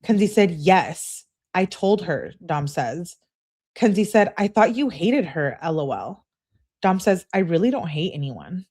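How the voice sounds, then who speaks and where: A woman hosting a true-crime channel, reading a couple's text messages aloud in a casual way and breaking off for quick remarks of her own. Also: on the low side, sing-song, a little mellow, slightly rough. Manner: reads texts aloud, breaks off with quick asides. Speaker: host reading case evidence.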